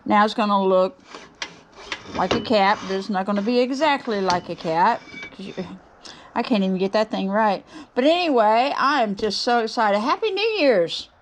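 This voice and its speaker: A woman's voice: medium pitch, normal speed, a little hiss or hum. A middle-aged woman, gushing and bubbly as she chats casually to camera about her woodturning project. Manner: bubbly, gushing, excited exclamations. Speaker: woodturning channel host.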